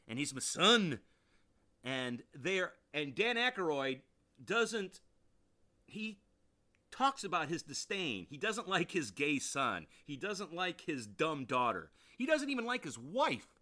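A man's voice: on the high side, pushed and bright. A man hosting a podcast, giving an enthusiastic, rambling review and repeating phrases for emphasis. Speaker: podcast host. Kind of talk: casual review monologue.

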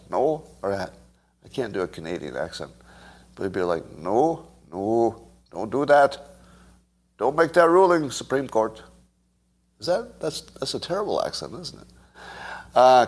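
A man giving a solo commentary monologue, musing aloud in a wry, conversational way. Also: lowish voice. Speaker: political commentator host.

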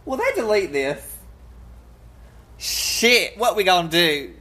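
A brash, crude woman co-hosting a casual chat show. Her pitch swings widely and her tone is bright and forceful. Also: slow pace. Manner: brash, crude and loud, animated storyteller. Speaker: podcast co-host.

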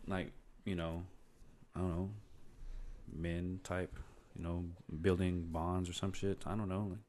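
Deep-voiced man, hesitant and laid-back. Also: little pitch movement, takes it slowly, long pauses, darkish tone, a little hiss or hum. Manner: hesitant, many fillers and restarts, laid-back. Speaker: podcast co-host. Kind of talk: casual chat.

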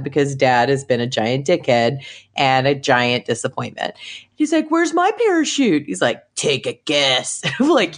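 A woman co-hosting a casual movie review podcast, animated and acting out lines from the film in jumpy voices. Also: deep voice. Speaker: podcast co-host.

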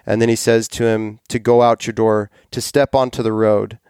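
A man hosting a relaxed podcast, talking with rambling enthusiasm and frequent self-corrections. His lowish voice carries a gravelly fry but stays smooth and resonant. The sound is dry and close. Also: moderate pace, no room sound. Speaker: podcast host. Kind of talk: casual podcast chat.

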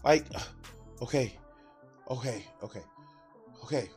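A man's voice: mid-range voice, slow, darkish tone, faint music behind. A man hosting a reaction video, talking casually with profane, exasperated outbursts.

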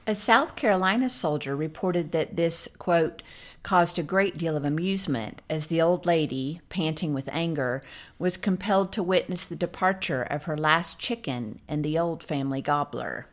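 A woman with a somewhat low voice narrates history from a script. She tells the story in an even, steady delivery. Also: normal speed. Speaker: podcast co-host.

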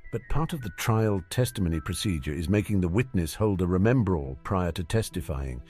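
A man narrating fan fiction as an audiobook, reading in an animated storytelling manner. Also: deep voice. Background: faint background music.

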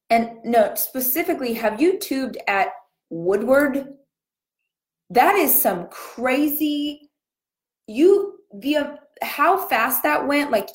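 Her voice sits a little high and carries some reverb as she runs a laid-back morning live stream. Nursing a cold sore, this young host keeps her mouth small and barely parts her lips while she talks.

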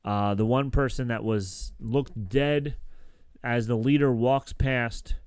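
Smooth-voiced man recapping casually. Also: medium pitch, steady tone, slow, a little mellow, no room sound. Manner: rambling, many fillers and restarts. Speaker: podcast co-host recapping a TV episode. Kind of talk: casual chat.

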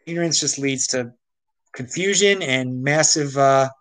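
A man's voice: medium pitch, a little slow, fairly bright tone, low-quality recording. A man hosting his own show, delivering a casual, exasperated opinion monologue full of restarts, from the Baltimore area. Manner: ranting, exasperated, frequent restarts. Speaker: show host.

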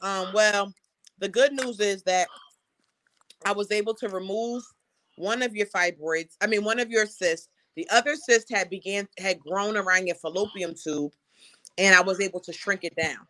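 A woman hosts a casual talk show and tells a personal story frankly, with plenty of animation. Her voice is bright and crisp, and it is recorded close and dry, with no room sound. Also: medium pitch, no room sound. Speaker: host.

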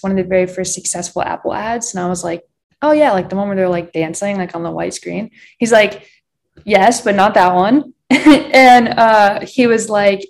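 A woman's voice: mid-range voice, creaky, a little mellow. A young woman talking in a casual chat as a guest, telling a story and quoting others, with lots of "like". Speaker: podcast guest.

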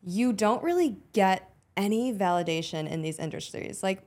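A woman's voice: medium pitch, lively intonation, moderate pace, a little mellow. A woman in her twenties hosting a podcast, chatty, casual and swearing freely. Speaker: podcast host. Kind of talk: casual chat.

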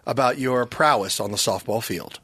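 A man co-hosting a podcast in casual chat, an animated storyteller whose voice is going hoarse. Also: moderate pace, dry recording. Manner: animated storyteller, lively pitch. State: losing his voice. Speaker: podcast co-host.

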